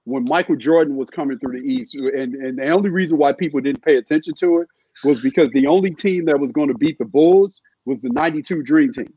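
A middle-aged man talking basketball as a podcast guest, halting and restarting often with many fillers. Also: fairly high pitch, mellow, slightly rough, no room sound, lo-fi sound. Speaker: guest, former NBA scout. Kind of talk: casual podcast chat.

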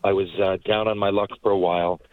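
A man, a guest telling rambling, animated anecdotes from his parked car. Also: lowish voice, quick pace, no room sound, poor audio. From Newfoundland, Canada. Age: 40s. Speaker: guest, former hockey player and actor. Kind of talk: casual storytelling interview.

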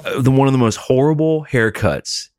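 A man's voice: medium pitch, normal speed, darkish tone, dry recording. A man in his thirties in casual chat, laid-back and dry, swearing now and then.

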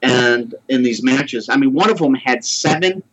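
A man's voice: mid-range voice, expressive, moderate pace, fairly bright tone, lo-fi sound. A man in his forties earnestly telling a personal story in a casual conversation. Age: 40s. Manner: earnest, heartfelt.

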